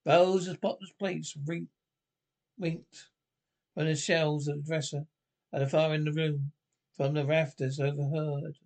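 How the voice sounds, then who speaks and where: Man narrating with a gravelly voice. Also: on the high side, little pitch movement, a little mellow. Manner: halting, with frequent self-corrections. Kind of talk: audiobook narration.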